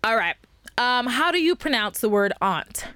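A young woman with an East Texas accent co-hosting a podcast, casual, teasing and quick to laugh. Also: a little high, big pitch swings, sharp tone, clean tone, dry recording. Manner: playful, teasing, laughs often. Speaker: podcast co-host. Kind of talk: casual chat.

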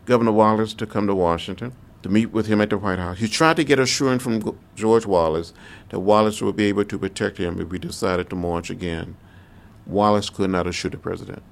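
An older man, a congressman, recounting history in a slow, measured interview with repeated phrases. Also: fairly low pitch, gravelly.

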